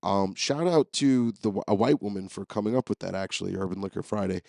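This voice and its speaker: A man's voice: on the low side, brisk, gravelly, mellow, dry recording, studio quality. A man hosting a podcast, telling rambling, profane, jokey stories as a comedic solo monologue. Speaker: podcast host.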